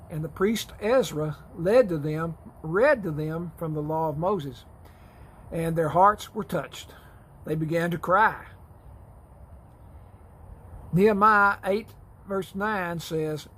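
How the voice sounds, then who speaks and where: Man with a higher voice teaching a Bible lesson. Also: slight background noise, low-quality recording. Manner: folksy, with dry asides. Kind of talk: reading a prepared Bible lesson.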